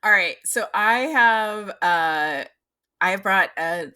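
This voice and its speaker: A woman's voice: mid-range voice, slow pace, bright, forceful tone, smooth. A woman in her late thirties co-hosting a podcast, telling stories in casual chat with lots of fillers and laughter. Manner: laughing storyteller, many fillers. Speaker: podcast co-host.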